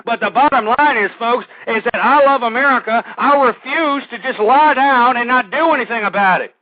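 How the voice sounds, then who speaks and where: A male talk radio host ranting through a monologue, swinging between shouting and weary sighs. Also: very high-pitched, normal speed, no room sound. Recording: dry tinny phone-line audio.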